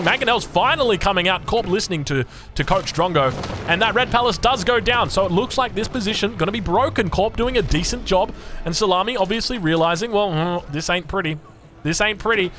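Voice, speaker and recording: A man with an Australian accent casting a strategy game match, excitable and rambling, with chatty asides. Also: high voice, a little hiss or hum. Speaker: game commentator. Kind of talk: casual live strategy game commentary.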